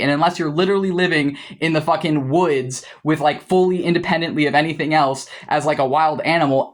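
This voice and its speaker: A young man vlogging in a casual monologue to camera, heated and profane, rambling with frequent restarts. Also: fairly high pitch.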